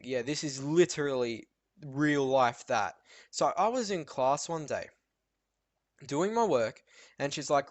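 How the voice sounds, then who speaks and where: A teenage boy vlogging an animated rant about school, telling stories with lots of fillers and restarts. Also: fairly high pitch, a little slow, no echo. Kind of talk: ranting monologue vlog.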